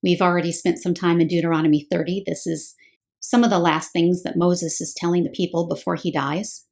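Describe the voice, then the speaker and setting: A woman's voice: lowish voice, fairly even intonation, brisk, a little mellow. A woman giving a scripted Bible teaching talk, explaining step by step and posing rhetorical questions.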